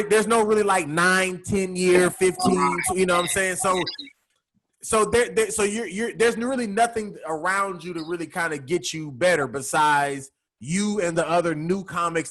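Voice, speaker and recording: A man's voice: sits high, fairly bright tone, poor audio. A man, a comedian, chatting casually on a live video call podcast, rambling with many restarts. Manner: rambling, restarts often, says "you know what I'm saying".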